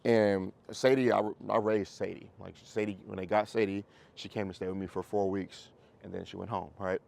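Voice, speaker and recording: A male dog trainer explains methods to his class in a loose, animated way, acting out what dogs and owners say. His voice sits low and has a gravelly edge, and he swears casually. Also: moderate pace. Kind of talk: casual coaching in a group class.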